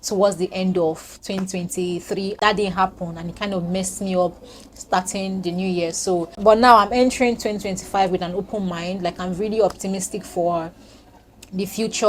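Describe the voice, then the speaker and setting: A young woman sits at home and talks straight into her phone camera in a relaxed year-end vlog. She rambles in a chatty, reflective way and drops "like" between her thoughts. Her voice sits at an ordinary pitch for a woman. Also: moderate pace, a little hiss or hum. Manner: chatty and reflective, with many fillers like "like". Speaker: vlogger.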